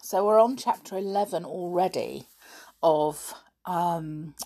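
Slow, husky woman reading a storybook. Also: lowish voice. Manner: slow, expressive storybook narration. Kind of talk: reading a children's book aloud.

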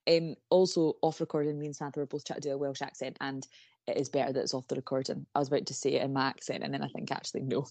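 Chatty woman, low voice, podcast host rambling and laughing, dry close sound. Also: flat delivery, racing, a little mellow, no echo. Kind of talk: casual true-crime podcast chat.

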